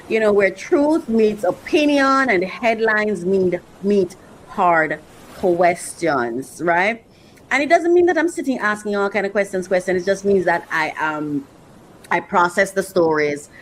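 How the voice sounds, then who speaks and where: A woman's voice: mid-range voice, slight background noise, poor audio. A woman host speaking earnestly in a reflective faith-based monologue, repeating phrases for emphasis. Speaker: host reacting to clips.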